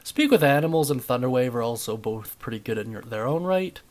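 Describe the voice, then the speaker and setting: A man's voice: mid-range voice, brisk. A young man hosting a tabletop game video, explaining options in an upbeat, chatty way. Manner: upbeat, chatty, lively intonation. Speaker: D&D video host.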